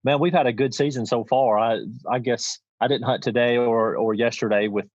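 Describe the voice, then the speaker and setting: A man's voice: mid-range voice, steady tone, moderate pace, a little mellow, dry recording. A middle-aged man, telling a hunting story in a folksy, rambling way full of restarts. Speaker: podcast guest, champion goose caller. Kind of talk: casual storytelling. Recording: dull lo-fi dry sound.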